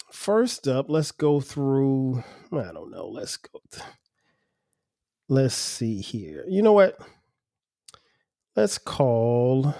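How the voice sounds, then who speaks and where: Brief: male podcast host, mellow voice a touch high, loose rambling delivery, dry close studio mic. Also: dry recording. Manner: loose, rambling, restarts words often. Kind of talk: casual solo podcast talk.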